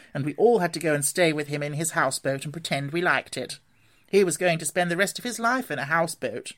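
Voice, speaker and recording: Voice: mid-range voice, a bit bright, lightly acted. A reader voicing a cheerful, sociable male water rat in a storybook, hearty and chatty. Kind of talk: storybook reading.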